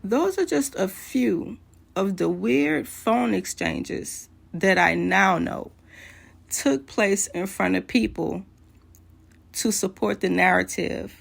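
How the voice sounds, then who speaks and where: A woman's voice: medium pitch, slow pace, vocal fry. A woman around forty telling a personal story to camera, candid and conversational with hesitant fillers. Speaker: vlogger.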